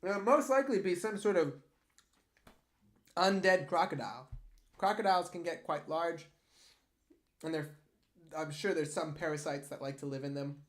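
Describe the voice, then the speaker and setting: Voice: medium pitch, moderate pace, long pauses. A young adult artist chatting casually on a livestream, answering viewer questions with rambling, jokey asides. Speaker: artist streamer.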